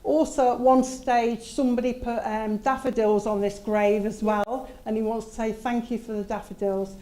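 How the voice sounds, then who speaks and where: A woman's voice: on the high side, fairly even intonation, normal speed, warm tone, low-quality recording. A woman working as a medium, relaying messages from spirit in a chatty way with asides. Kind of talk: mediumship demonstration at a service.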